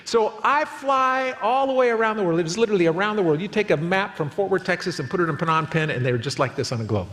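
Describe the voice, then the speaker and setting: A man in his fifties preaching a sermon as pastor, telling a story with lively acted quotes. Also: high-pitched, fast talker, hardly any pauses, long reverb tail. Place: church auditorium.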